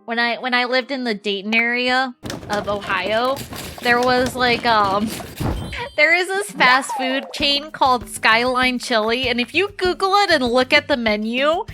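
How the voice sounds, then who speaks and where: A woman streamer chatting casually while playing a game, telling animated stories and swearing freely. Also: fairly high pitch, measured pace, music in the background.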